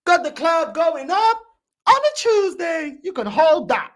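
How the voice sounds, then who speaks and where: Brief: woman host, high bouncy voice, heated mocking rant. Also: sing-song, a little slow. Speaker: fan channel host. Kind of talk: ranting reaction commentary.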